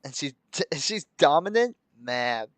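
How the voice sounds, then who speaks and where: A man's voice: on the high side, very animated, slow, no room sound. Dry-sounding young man reading a game aloud. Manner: reads the story aloud, breaking off into chuckles and joking asides. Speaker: streamer reading a visual novel. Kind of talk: live let's-play commentary mixed with reading aloud.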